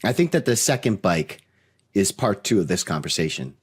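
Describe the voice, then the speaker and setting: A man's voice: low-pitched, big pitch swings, moderate pace, slightly rough. A man co-hosting a podcast in casual chat, playful and teasing as he argues points. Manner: playful, teasing, plays devil's advocate. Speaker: podcast co-host.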